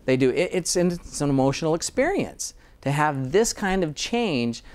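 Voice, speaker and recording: A man's voice: on the high side, very animated, normal speed. A man speaking as a dentist guest in an interview, earnest and enthusiastic, often restarting his sentences. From Utah, USA. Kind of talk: interview conversation.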